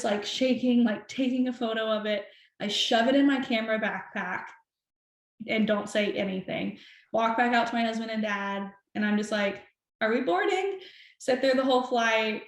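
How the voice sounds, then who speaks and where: A young woman telling a personal story as a podcast guest, animated and chatty, full of "like". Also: a little high. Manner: animated, chatty, heavy use of "like". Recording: roomy echo.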